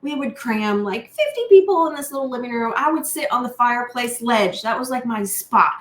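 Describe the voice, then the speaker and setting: A woman's voice: a little high, expressive, a little fast, a bit bright. A woman giving an unscripted, chatty talk to camera as a team leader, with frequent fillers. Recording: echoey room.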